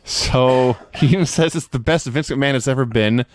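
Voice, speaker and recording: A man's voice: mid-range voice, moderate pace, no room sound. A man co-hosting a casual chat, telling stories with frequent laughter. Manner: laughing storyteller, acting out quotes. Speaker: podcast co-host.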